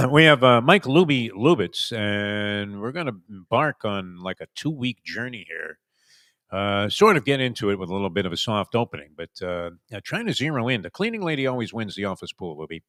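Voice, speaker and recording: A man's voice: fairly low pitch, big pitch swings, brisk, a bit bright, no echo, studio quality. A middle-aged man hosting a casual sports talk show, wry and sarcastic, rambling with plenty of fillers.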